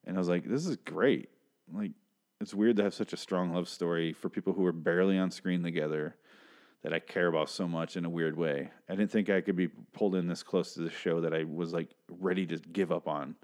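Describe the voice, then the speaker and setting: A man's voice: low-pitched, flat delivery, fairly quick, a little mellow. A man hosting a casual TV episode recap, talking in a rambling, chatty way with casual swearing. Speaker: show recap host.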